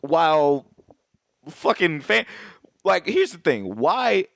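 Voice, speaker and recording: A rowdy, animated man with a fairly high voice that swings all over the place, swearing freely and cracking himself up. He talks close into a headset mic, with a dry sound and no room around it. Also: slow, creaky, no room sound. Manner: animated, swears constantly, laughs often. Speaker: podcast co-host. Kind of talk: casual profane movie chat.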